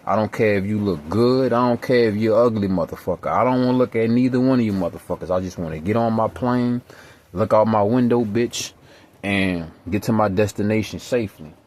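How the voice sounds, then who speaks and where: A man's voice: on the low side, a little fast, darkish tone. A man vlogger telling a rambling story in casual street slang, profane and emphatic.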